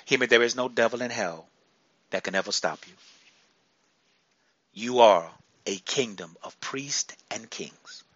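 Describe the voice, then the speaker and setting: A male preacher delivering a sermon, repeating phrases for emphasis and breaking into sudden loud bursts. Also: fairly low pitch, a little slow, pauses often, dry recording, dull audio.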